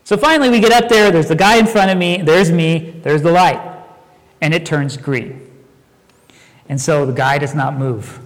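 A man preaching a sermon, talking conversationally and telling stories with animated asides. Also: fairly high pitch, normal speed, big-room sound. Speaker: pastor.

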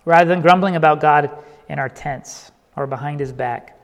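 A man's voice: fairly high pitch, normal speed, long reverb tail. A man preaching a sermon as pastor, in a conversational way, often saying "you know" and "okay.".

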